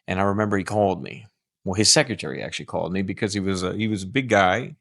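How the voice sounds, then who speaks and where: A middle-aged man, a pastor and podcast guest, telling a story in an animated way with frequent restarts. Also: low-pitched, fast, vocal fry, dry recording, clean studio sound.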